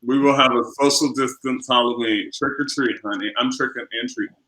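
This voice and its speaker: Man, podcast host, campy and chatty, bright voice, roomy echo, video call. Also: medium pitch, fairly even intonation, brisk. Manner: campy, swears casually, many filler uhs. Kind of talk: casual chat. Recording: echoey room.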